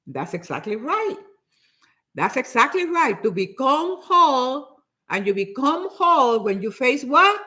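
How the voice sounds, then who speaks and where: An older woman giving a motivational talk in an animated, preachy way, often repeating herself for emphasis. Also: sits high, a little slow. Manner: acts out other people's nagging voices. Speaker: motivational speaker.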